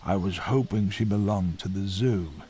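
A man doing a quiet, lost old gentleman. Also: low-pitched, normal speed, slight background noise, natural voice. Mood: subdued. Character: shy, lost older gentleman. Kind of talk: storybook voice acting.

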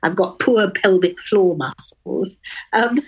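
A woman's voice: mid-range voice, takes it slowly, husky. Frank posh older Englishwoman. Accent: upper-class English (Oxford). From England. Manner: frank, witty, posh diction. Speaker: guest. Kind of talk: radio interview.

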